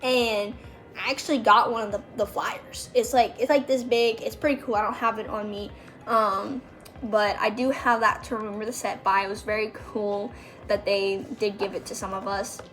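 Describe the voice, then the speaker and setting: A woman's voice: medium pitch, steady tone, moderate pace, fairly bright tone, faint music behind. A young woman telling stories about working as a background extra, casual and chatty, full of fillers and quoted voices. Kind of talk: casual storytelling.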